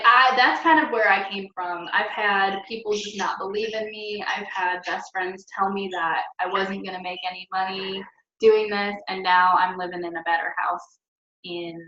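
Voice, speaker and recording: A young woman rambles cheerfully through an encouraging motivational vlog, her voice sitting at a middle pitch. She is recorded at home from some distance, so the sound is roomy and echoey. The audio is dull and lo-fi. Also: fairly bright tone. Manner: upbeat, chatty, rambling and encouraging. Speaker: network marketing team leader.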